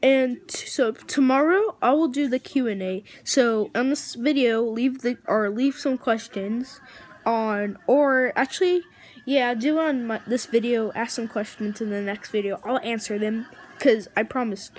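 A woman hosting her own channel in a casual vlog, gushing with excitement and tripping over her words. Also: on the high side, measured pace. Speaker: channel host. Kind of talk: casual vlog thank-you.

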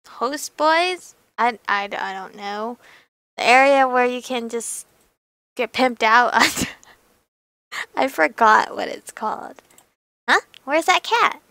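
Woman, game streamer, reading a story game aloud, giggly asides, high bright voice, dry close mic. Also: creaky, no room sound.

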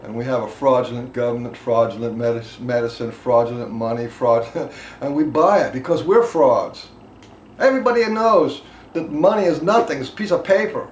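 A man teaching a group about emotional release, impassioned, swinging between loud emphasis and quiet asides. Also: medium pitch, normal speed. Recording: echoey room with faint background noise.

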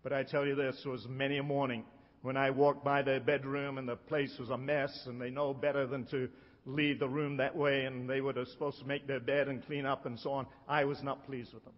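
A middle-aged man delivers a sermon with emphatic weight and slows right down on the lines he wants to land. His voice rings with a long reverb, as if he is in a big hall. The sound is a little dull and muffled. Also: medium pitch, level tone. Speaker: preacher.

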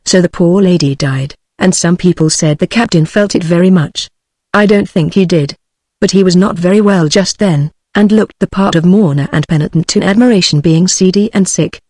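A text-to-speech voice reading a classic ghost story aloud in an even, synthetic narration. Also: mid-range voice, moderate pace, no echo, clean studio sound. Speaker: audiobook narrator. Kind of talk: scripted narration.

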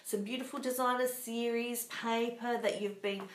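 A woman's voice: a little high, steady tone, moderate pace. A woman with an Australian accent hosting a live craft show from her home craft room, bubbly and chatty as she greets viewers by name. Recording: echoey room.

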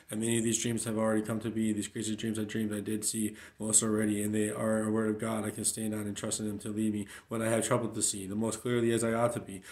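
A man reciting rhymed spoken-word rap for a demo, preachy and rhythmic, with stumbles and restarts. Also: lowish voice. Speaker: rapper recording a demo.

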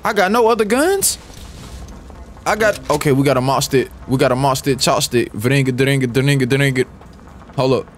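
A young man giving excitable, slangy live commentary over gameplay, repeating phrases and muttering rap lines. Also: on the high side, moderate pace. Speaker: gaming YouTuber.

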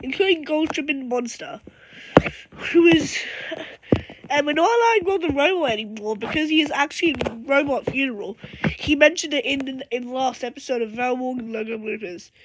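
A woman's voice: sits high, normal speed, background noise. A sick woman hosting her channel, rambling through a casual video intro and restarting her sentences. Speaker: channel host.

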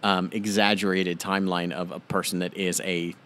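A man with a somewhat low voice co-hosts a comedy podcast. He riffs wryly in relaxed chat, drifting into side jokes. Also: normal speed, a little hiss or hum. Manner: wry, riffing, trailing off into asides. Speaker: podcast co-host.

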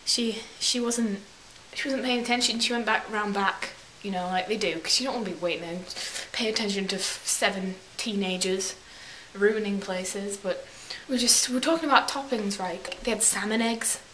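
In this casual storytelling vlog, a young woman chats away in an affected English accent, wandering off topic and fixing her own wording as she goes. Her pitch is medium and her tone a little bright, and she keeps a normal speed with few pauses. The room echoes and there's a faint hiss.

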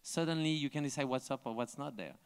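A man's voice: medium pitch, fast talker, smooth. A man from France with a French accent, animatedly telling stories on stage at a live talk and acting out other people's lines. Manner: animated, acts out others' dialogue, laughs often. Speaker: invited artist on a panel. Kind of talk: live onstage storytelling. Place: large museum auditorium before an audience. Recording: long hall reverb from a live auditorium.

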